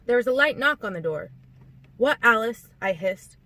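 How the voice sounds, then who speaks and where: Woman, audiobook narration, expressive, lively, acted dialogue. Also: mid-range voice, brisk, dry recording, low-quality recording. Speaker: audiobook reader.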